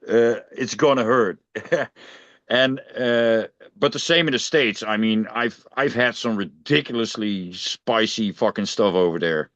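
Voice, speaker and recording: A man's voice: lowish voice, unhurried, fairly bright tone, no room sound. A man with a Dutch accent chatting casually on a podcast, laid-back and laughing easily. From Netherlands. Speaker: podcast co-host. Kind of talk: casual chat. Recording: dull dry lo-fi sound.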